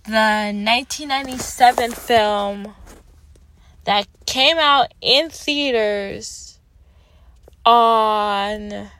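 A woman's voice: on the high side, extremely slow, long pauses, a bit bright, smooth, no room sound. Woman, Canadian accent, casual vlog talk, emphatic, recorded in a car, dry close sound. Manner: chatty and emphatic, self-deprecating. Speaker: vlogger. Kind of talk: casual movie review vlog. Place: parked car.

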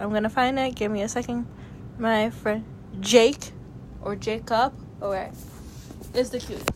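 A woman's voice: fairly even intonation, unhurried, long pauses, a little mellow, poor audio. A young woman chatting casually on a vlog, giving blunt, rambling opinions about a reality show with lots of fillers and restarts. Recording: noticeable background noise with a low rumble.

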